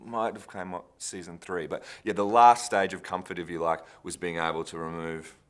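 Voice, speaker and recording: Low-voiced and a bit bright, an actor being interviewed keeps a steady tone at a moderate pace. His behind-the-scenes stories come out chatty and rambling, with phrases he keeps starting over.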